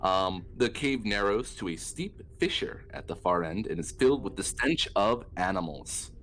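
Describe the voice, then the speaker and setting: Low-voiced man running a tabletop game. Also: normal speed, a little hiss or hum. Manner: relaxed, descriptive scene-setting. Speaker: dungeon master.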